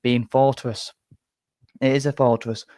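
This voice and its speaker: A man's voice: mid-range voice, level tone, measured pace, a little mellow, dry recording. A man hosting a football reaction live stream, rambling and self-deprecating with many restarts. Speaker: football fan channel host.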